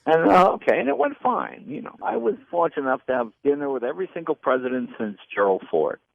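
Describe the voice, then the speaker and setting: A man in his sixties, a comedian and former talk show host, telling lively anecdotes in an interview and acting out the people in them. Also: fairly high pitch, quick pace, vocal fry. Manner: animated anecdotes with quoted voices. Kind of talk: storytelling interview. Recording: dull lo-fi dry sound.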